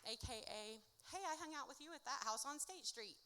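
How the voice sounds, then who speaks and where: A woman performing her own spoken-word poetry at a live event, with a rhythmic, dramatic delivery that swings from hushed to loud. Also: sits high, expressive, fairly quick. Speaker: author reading her own work. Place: indoor music venue at a live event. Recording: reverberant live venue recording.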